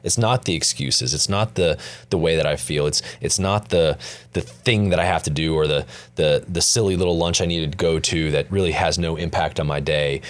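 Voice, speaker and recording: A man with a very deep voice co-hosts a casual podcast chat. He is animated and often laughs. He swears freely as he talks. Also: moderate pace. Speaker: podcast co-host.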